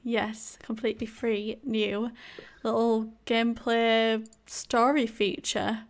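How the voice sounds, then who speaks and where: A woman's voice: fairly high pitch, flat delivery, slow. A woman with a Yorkshire accent chatting casually and giggling easily as a gaming content creator. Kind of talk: casual podcast chat.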